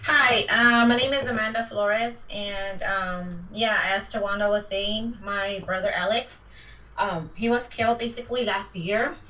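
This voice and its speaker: Halting woman speaking slowly from a distance. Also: mid-range voice, fairly even intonation, a bit bright. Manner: halting, slow, tearful pauses. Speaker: livestream guest. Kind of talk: emotional personal account. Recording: distant from the mic.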